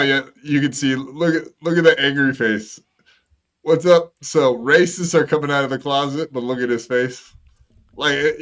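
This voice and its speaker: Brief: podcast co-host, man, bright tense tone, rambling jokey delivery. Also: medium pitch. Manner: loose, joking, rambling with restarts. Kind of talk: casual banter.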